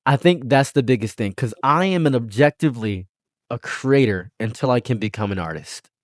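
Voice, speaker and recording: A man hosting a casual commentary chat, rambling and joking with excitable bursts. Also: medium pitch, normal speed, no room sound, clean studio sound. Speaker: channel host.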